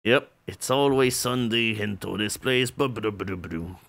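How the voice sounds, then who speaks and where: Male streamer host, playful and slow-paced, clear voice, laughs a lot. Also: a little high, sing-song, bright, forceful tone. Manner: laughs often, hams up game announcements. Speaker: streamer hosting a game tournament. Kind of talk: casual game commentary.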